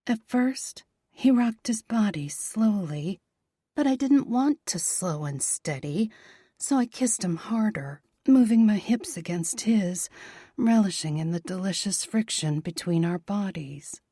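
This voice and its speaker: A woman narrating a romance audiobook in a soft, breathy, half-whispered voice. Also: mid-range voice, expressive, a little slow, no room sound, clean studio sound.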